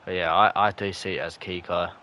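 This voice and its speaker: A young man, streaming live, commenting on the match and chatting with viewers, breaking into shouts at close chances. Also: low voice, fairly even intonation, fairly quick, a little hiss or hum. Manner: chatty, bursts into shouts at near misses. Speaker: gaming streamer. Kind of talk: live gameplay commentary and chat reading.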